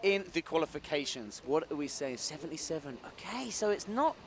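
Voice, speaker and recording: A man calls a live competition with eager play-by-play. His voice sits a touch high, and he rattles off trick after trick as the riders go. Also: sing-song, brisk, creaky, slight background noise. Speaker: live-stream commentator. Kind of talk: live sports commentary.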